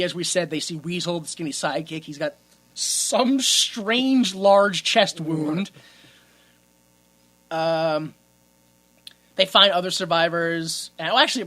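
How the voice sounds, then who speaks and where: Male podcast co-host, bright and sharp-toned, crude and laughing through a casual movie rant. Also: high voice. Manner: crude, joking, laughs often while retelling scenes.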